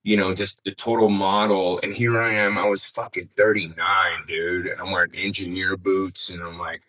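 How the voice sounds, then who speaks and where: A man's voice: sits low, level tone, moderate pace, sharp tone, low-quality recording. A middle-aged man telling a story as an interview guest in casual, rambling talk, swearing freely and saying "man" often. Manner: rambling, laid-back, peppered with "man" and swearing.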